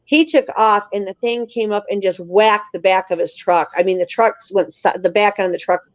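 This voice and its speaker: A woman's voice: mid-range voice, moderate pace, no room sound, muffled recording. A woman, a guest on a live show, telling her story casually and emphatically, acting out the voices of the people in it. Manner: animated, emphatic, acts out quoted voices.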